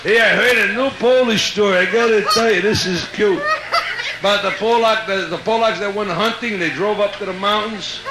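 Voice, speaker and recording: A man's voice: sits high, moderate pace. A middle-aged man with a Brooklyn accent, telling jokes in a brash, streetwise way as a live stand-up comedian. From Brooklyn, New York. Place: hotel nightclub stage. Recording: echoey live club recording with loud room noise.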